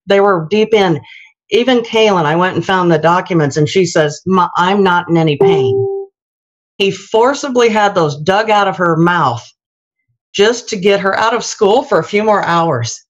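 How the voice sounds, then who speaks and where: A woman's voice: medium pitch, moderate pace. A middle-aged woman telling her own story in a casual, earnest way, acting out the voices of the people she quotes. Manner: earnest, animated, acts out quoted dialogue. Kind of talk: personal testimony, casual storytelling. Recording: dull lo-fi livestream audio.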